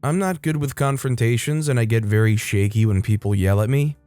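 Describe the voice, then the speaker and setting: A man at a middle pitch tells a reddit story in a steady, scripted read. His delivery stays even from line to line. A faint music bed plays under the voice. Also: fairly quick. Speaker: story narrator.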